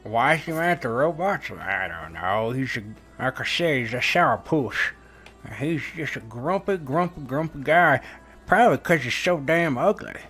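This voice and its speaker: A man's voice: medium pitch, animated, drawn-out words, hardly any pauses, sharp tone, soft background music, heavily acted. A man doing a toothless, rambling old coot. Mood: rambling lonely. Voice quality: gummy, lisping, toothless mumble. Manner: rambling, folksy drawl.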